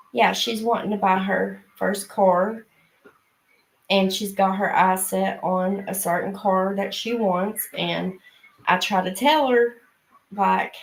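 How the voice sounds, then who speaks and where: A middle-aged woman and mother hosting a casual live stream, chatty and unhurried, with frequent fillers and laughs. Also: medium pitch, gravelly, low-quality recording.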